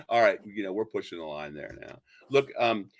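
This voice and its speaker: A man's voice: lowish voice, animated, normal speed, a little hiss or hum. A middle-aged man hosting a talk radio show, rambling through casual banter and long jokes, laughing at his own stories. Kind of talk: casual banter and joke telling.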